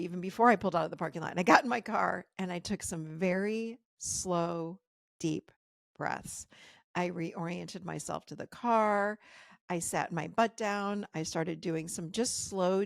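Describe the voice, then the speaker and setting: A woman hosting a podcast, telling a personal story in an animated way, her voice jumping high when she quotes her own shock. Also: creaky, no echo, clean studio sound. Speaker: podcast host.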